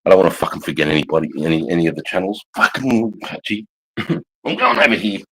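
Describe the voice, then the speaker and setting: A laid-back Australian man with a lowish voice hosts a casual livestream from his couch. He talks in a loose, sweary way, calling everyone mate. He sounds middle-aged. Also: animated, quick pace, fairly bright tone, breathy edge, low-quality recording. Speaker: livestream host. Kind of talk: casual live chat. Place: at home on a couch.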